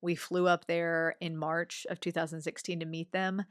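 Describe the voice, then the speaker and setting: A woman's voice: fairly low pitch, normal speed, clean tone, no room sound, studio quality. A woman in her forties, a guest on an interview show, telling a personal story conversationally and acting out what others said. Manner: animated storyteller, acts out others' remarks.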